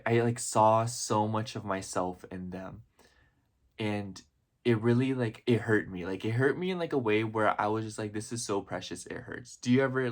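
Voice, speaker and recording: A young man vlogging in a comedic parody style, gushing and rambling with constant "like" fillers. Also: lowish voice.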